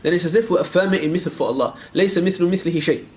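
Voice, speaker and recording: A man teaching a lecture class on a creed text. He questions his students directly, repeats phrases for emphasis and recites Arabic verses quickly. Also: sits high. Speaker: Islamic teacher.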